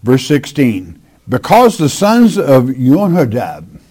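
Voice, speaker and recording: A man delivers a sermon at an unhurried pace, reading scripture and driving each point home with emphasis. His voice sits in a warm, darker register. He sounds deliberate and firm throughout. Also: mid-range voice, huge pitch swings. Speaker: Bible teacher.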